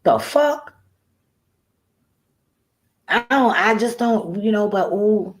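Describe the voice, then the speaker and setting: A woman's voice: mid-range voice, lively intonation, slow, long pauses. A woman vlogger ranting casually to camera in a blunt, profane way, often laughing at her own remarks. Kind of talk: casual rambling rant to camera.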